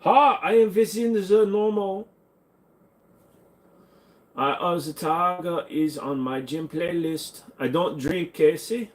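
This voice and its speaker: A man's voice: a little high, slow pace, long pauses. A man hosting a livestream, answering viewer questions in casual chat with a crude, joking, offhand manner.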